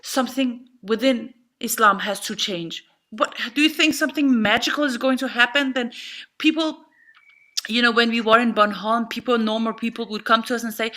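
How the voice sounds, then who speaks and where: A woman's voice: on the high side, moderate pace, fairly bright tone. A woman speaking passionately on a live online panel, repeating words for emphasis. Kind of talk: impassioned live panel talk.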